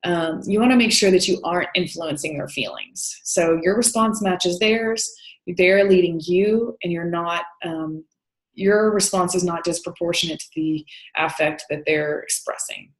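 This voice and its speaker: Lecturing woman, low voice, roomy echo. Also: a little slow. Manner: explanatory, with frequent "um" and "you know". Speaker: counseling instructor. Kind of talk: recorded lecture.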